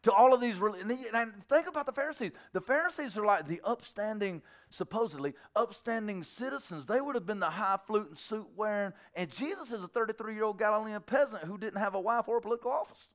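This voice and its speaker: A man preaching an animated, joking sermon in colloquial talk, acting out the scripture scenes. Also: high voice, fast talker, hardly any pauses. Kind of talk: sermon with comic retelling.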